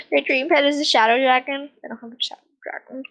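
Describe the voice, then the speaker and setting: This high-pitched, brisk, fairly bright female voice belongs to a gaming channel host with a non-American accent, heard on poor audio. She chats and rambles through casual gameplay commentary, sighing and giggling often.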